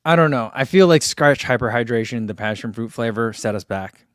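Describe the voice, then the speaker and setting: On a livestream for his running channel, a man rambles easily and reads out viewer comments, using plenty of fillers. His medium-pitched voice is expressive and brisk. The studio sound is clean, with no echo.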